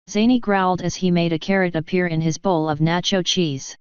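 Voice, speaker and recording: A woman narrates a story in a steady storybook reading with a low, very clear voice. The recording is dry and close. It sounds a little muffled. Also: brisk, hardly any pauses, no room sound. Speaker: fanfiction reader.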